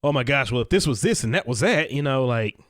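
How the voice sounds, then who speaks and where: A man co-hosting a podcast in casual chat, animated and full of fillers as he explains. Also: medium pitch, fast talker, dry recording, studio quality. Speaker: podcast co-host. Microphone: podcast mic.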